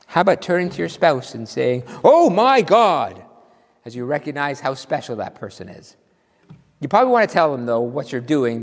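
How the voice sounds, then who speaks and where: A man preaching a sermon as minister, playful and animated, drawing out his exclamations slowly for effect. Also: mid-range voice. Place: church sanctuary. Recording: long hall reverb.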